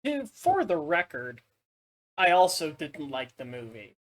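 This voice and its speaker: A man in a tabletop role-play who speaks wryly and deliberately. His voice sits a bit high and moves around a lot. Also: huge pitch swings, a bit bright. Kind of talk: in-character role-play chat.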